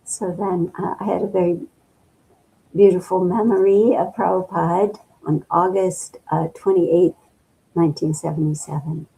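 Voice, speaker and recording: An older woman from the midwestern US recalls her past in an interview, her voice low and gravelly with a husky edge. She talks slowly and thoughtfully, pausing often and filling the gaps with soft fillers. Her tone is dark and mellow. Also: steady tone, rough recording. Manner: slow and reflective, with many pauses and fillers. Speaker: interview guest. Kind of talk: reminiscing in an interview.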